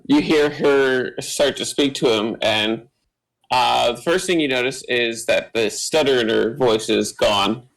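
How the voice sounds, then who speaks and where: A man narrating a tabletop game as game master, slow and full of fillers. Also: mid-range voice, vocal fry, a bit bright, rough recording. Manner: slow, filler-heavy, meandering.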